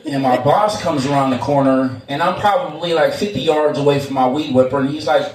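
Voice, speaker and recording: A man's voice: a little high, brisk. A young man telling stories at a live show, in a casual, rambling way, swearing often and filling gaps with uh and um. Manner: rambling and profane, with many fillers and restarts. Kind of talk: casual spoken storytelling. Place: live venue, on stage. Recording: echoey room, mic far off, faint noise.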